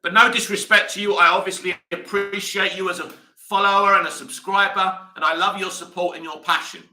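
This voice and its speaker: A man's voice: sits high, fairly even intonation, a little fast, echoey room, far from the mic. A man hosting a live movie news stream, talking passionately and rambling straight to his viewers. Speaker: movie news channel host.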